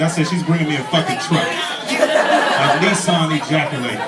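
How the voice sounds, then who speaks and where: Man, comedy host, crude jokes, echoey distant mic, loud crowd and noise. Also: a little high. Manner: crude, fast joking. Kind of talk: stand-up comedy hosting. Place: small comedy club stage.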